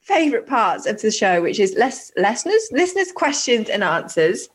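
A woman co-hosting a podcast in casual chat, excitable, laughing often and swearing. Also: on the high side, normal speed. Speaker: podcast co-host.

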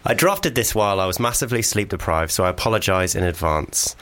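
Playful man with a deep voice. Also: lively intonation, fast talker, fairly bright tone. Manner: playful, bursts into put-on accents. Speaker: podcast co-host. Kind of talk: casual comedic chat.

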